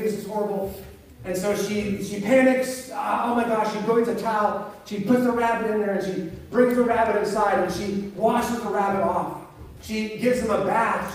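A man, a pastor, preaching a sermon in a conversational, storytelling way. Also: high-pitched. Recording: very echoey hall, mic at a distance.

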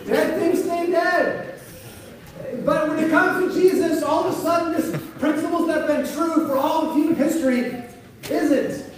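A man's voice: extremely high pitch, fairly even intonation, normal speed. A man, a pastor, preaching a sermon in a conversational, storytelling way. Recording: very echoey hall, mic at a distance.

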